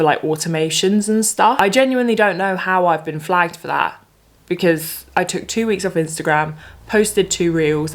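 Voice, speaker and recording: A young woman vlogging in a chatty, ranting way. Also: lowish voice. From England. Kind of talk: casual vlog chat.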